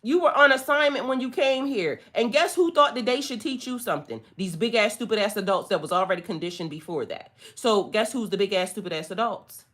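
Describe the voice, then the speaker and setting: A woman's voice: medium pitch, animated, fairly quick, few pauses, a bit bright. A woman giving a casual spiritual reading to her viewers, blunt, sassy and full of profanity, speaking. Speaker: spiritual tarot reader.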